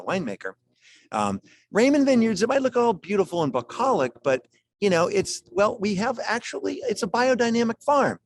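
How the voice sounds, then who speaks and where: A man presenting wines at a charity gala over a video call, in a chatty, folksy way, chuckling as he talks. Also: fairly high pitch.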